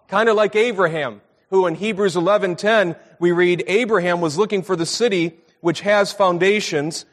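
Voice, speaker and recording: High-voiced preacher in a reverberant hall. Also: male voice. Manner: conversational storytelling preaching, repeats for emphasis. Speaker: pastor. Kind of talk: sermon. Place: church meeting room.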